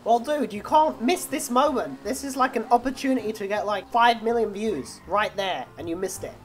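Woman, game role-play host, teasing, bossy, slightly high voice. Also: normal speed, slight background noise. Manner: teasing, bossy, laughs often.

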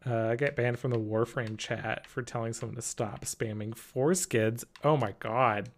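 A man's voice: medium pitch, a little slow. A male streamer chatting casually while gaming, apologetic and flustered, laughing often and answering chat.

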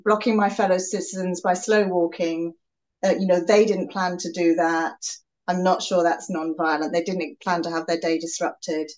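A woman's voice: on the low side, a little mellow, poor audio. A woman moderating an online evening, politely gathering and reading out audience questions. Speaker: event moderator.

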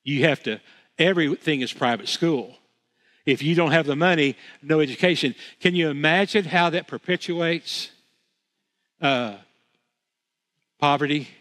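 A man's voice: fairly high pitch, measured pace, pauses often, fairly bright tone. A man preaching a sermon as pastor, earnest, repeating phrases for emphasis with frequent restarts. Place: church sanctuary. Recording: long reverb of a church hall.

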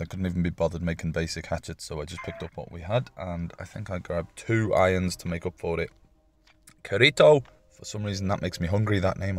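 A man with a gravelly morning voice, chatting casually and swearing as he comments on his gameplay. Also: low voice. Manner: chatty, swears often, jokey asides. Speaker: gaming YouTuber.

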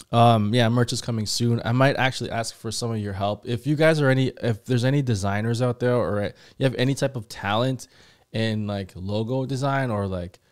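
A man at a middle pitch hosts a movie reaction show. He chats casually and excitedly with his viewers. He rambles, restarts sentences and fills his pauses. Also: clear, resonant tone. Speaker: host of a movie reaction channel.

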